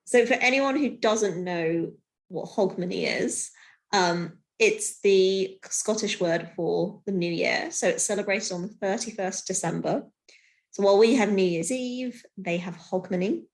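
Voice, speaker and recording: A woman's voice: medium pitch, unhurried. Casual woman podcast co-host.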